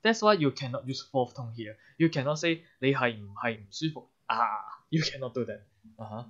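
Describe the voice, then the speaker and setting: A man's voice: mid-range voice, expressive, brisk, fairly bright tone. A man with a Hong Kong English accent teaching an online language lesson. He explains patiently with many examples and often says "uh-huh". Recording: dull lo-fi recording.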